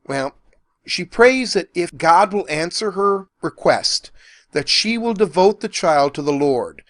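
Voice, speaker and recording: A professor narrating a lecture in an animated, folksy storytelling manner. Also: male voice, sits high, unhurried, dry recording, studio quality.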